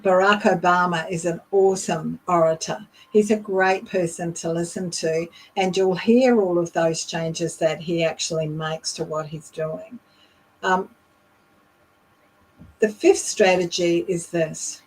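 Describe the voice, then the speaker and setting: A middle-aged woman leadership coach teaching voice techniques in a deliberate, demonstrative way. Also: fairly low pitch, steady tone, a little hiss or hum, low-quality recording. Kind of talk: instructional talk.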